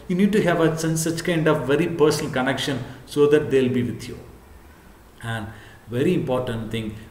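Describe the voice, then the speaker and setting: Prof guy teaching to the camera, keeps repeating himself, lots of "what you call", echoey room. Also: a little high. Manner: earnest, repetitive, frequent "what you call" fillers. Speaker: professor. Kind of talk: lecture to camera. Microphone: camera, speaking to camera.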